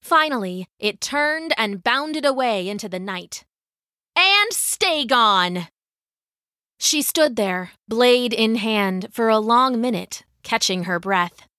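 A woman storyteller reading a scripted children's story aloud in an even, unhurried way. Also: fairly high pitch, no room sound, clean studio sound. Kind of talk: scripted narration.

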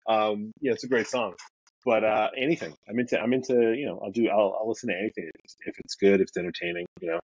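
Man, middle-aged, mild New York accent, low voice, rambling and easygoing, muffled recording. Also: fairly even intonation, quick pace, darkish tone, slightly rough, dry recording. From Brooklyn, New York. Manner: rambling, self-correcting, easygoing. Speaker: podcast guest, comic creator. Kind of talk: casual interview chat.

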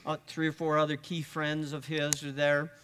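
A man with a slightly high, bright and forceful voice tells a personal story to a gathering. He stumbles and restarts often, repeating words as he goes. His voice carries a long reverb that lingers around the hall. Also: monotone, moderate pace, slight background noise. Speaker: speaker.

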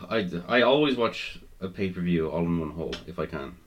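Deep-voiced sweary podcast co-host man. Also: animated, a little fast. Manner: swears freely, jokey interjections. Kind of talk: casual wrestling podcast chat.

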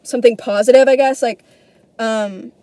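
A young woman with a high yet mellow voice talks through a solo podcast, rambling and self-deprecating. She swears casually and restarts her sentences often. The sound is dry and close, with no room around it. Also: fairly even intonation, normal speed, dry recording. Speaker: podcast host.

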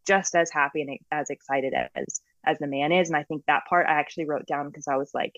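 Low-voiced enthusiastic woman, dry lo-fi sound. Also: brisk, no echo. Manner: enthusiastic, animated, filler-heavy. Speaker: guest. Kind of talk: casual podcast chat. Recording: dull lo-fi sound.

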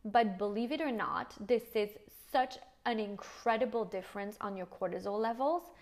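A woman's voice: mid-range voice, moderate pace. A middle-aged French woman with a French accent, hosting a casual solo podcast, frank and swearing casually, slipping in French phrases. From France. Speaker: podcast host.

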